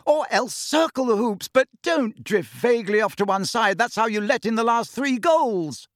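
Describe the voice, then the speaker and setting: A man voicing a brisk young female team captain who gives clipped, commanding instructions. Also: a little high, animated, dry recording, studio quality, voice pushed up, close to an everyday voice.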